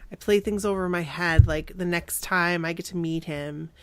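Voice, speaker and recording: A woman's voice: lowish voice, fairly even intonation, moderate pace, darkish tone, clean tone, dry recording. A woman in her forties, guest co-host of a podcast, chatting in a bubbly, enthusiastic way. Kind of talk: casual chat.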